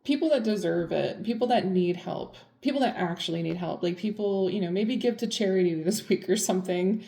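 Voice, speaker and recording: A woman reads tarot in a loose, chatty way, blunt and full of filler words. Her voice is mellow and gravelly with fry. She sounds like she is in an echoey room. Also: medium pitch, fairly quick. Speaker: tarot reader. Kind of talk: casual tarot reading.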